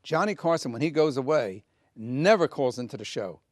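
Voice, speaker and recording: In studio-quality audio with no room sound, an older man who is a comedian guest recalls old stories during an interview, earnestly performing the quoted dialogue. His mid-range voice is expressive and paced at normal speed.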